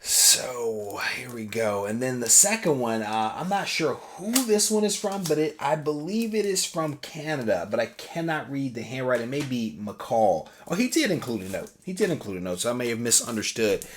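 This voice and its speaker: A man hosting his own channel, chatting casually as he unboxes and reads fan mail, relaxed with many pauses. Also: medium pitch, a little hiss or hum. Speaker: comic collecting channel host.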